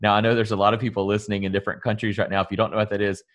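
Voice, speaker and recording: A man's voice: lowish voice, little pitch movement, very fast, fairly bright tone, highs cut off. Southern US man, podcast guest, salon owner who speaks on stages; earnest, motivational, loose delivery. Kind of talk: casual podcast interview.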